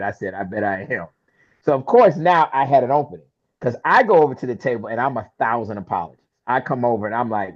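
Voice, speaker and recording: A man speaking at a middle pitch tells a personal story with animated energy, slipping into the voices of the people in it. The sound is a little dull and lo-fi, like a modest podcast recording. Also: a little fast. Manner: lively storyteller who acts out quoted dialogue. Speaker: interview guest, film producer.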